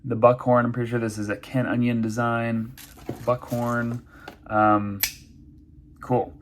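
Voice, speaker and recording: Man in middle pitch, relaxed reviewer talking off the cuff. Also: measured pace, a little hiss or hum. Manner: chatty, thinking aloud with many fillers. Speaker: knife and pen reviewer. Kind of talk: casual unboxing review.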